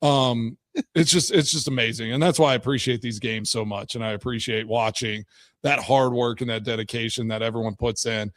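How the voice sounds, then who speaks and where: A man's voice: medium pitch, fairly even intonation, brisk, no echo. A man hosting a sports radio show, chatting casually in a rambling way with many fillers and restarts into a studio mic. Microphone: studio microphone.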